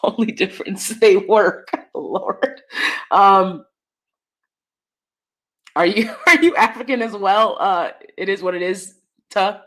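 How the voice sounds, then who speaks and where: An American woman hosting a casual livestream and reading chat, animated and blunt, swinging between a high voice and a deep one, with laughing asides. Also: slow, pauses often. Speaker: host.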